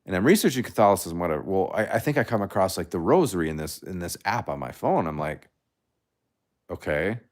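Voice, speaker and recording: Breathless rambling deep-voiced man. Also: brisk. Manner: rambling, animated, restarts often. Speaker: livestream host. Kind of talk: casual livestream chat.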